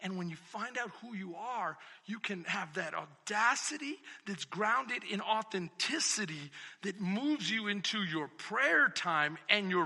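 A man preaching in a very high, piercing voice that carries a gravelly, husky grain. He swings between loud, emphatic declarations and quiet, close reflection, and a long hall reverb trails after every phrase. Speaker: pastor. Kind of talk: sermon.

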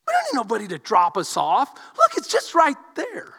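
A male pastor from Houston delivers a sermon as a story, dropping to quiet asides and then rising to shouted emphasis. His voice sits very high and sounds bright and forceful. A long reverb hangs on his words from the large hall. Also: huge pitch swings, moderate pace, vocal fry, hardly any pauses, breathy edge. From Houston, Texas.

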